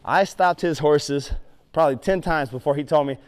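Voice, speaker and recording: This high-voiced, middle-aged horse trainer speaks at a moderate pace, telling lively stories and performing his own reactions. He also guides a student through arena groundwork with that same animation.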